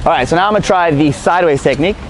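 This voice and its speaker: Man, fairly high voice, out of breath, joking and chatty, casual tutorial, lapel mic, outdoors. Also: very fast, a little hiss or hum. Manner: joking, self-mocking, chatty. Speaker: BMX rider hosting a how-to. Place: outdoors by a street rail.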